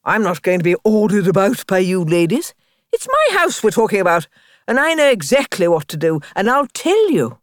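A woman voicing a boastful, excitable female toad in a storybook reading, bragging and gushing in a raised voice. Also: medium pitch, normal speed, no echo, studio quality, voice pushed up, lightly acted. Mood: indignant.

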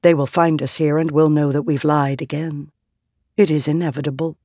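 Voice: medium pitch, flat delivery, normal speed, mellow, dry recording, clean studio sound, lightly acted. A narrator playing a fierce young heroine. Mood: panicked.

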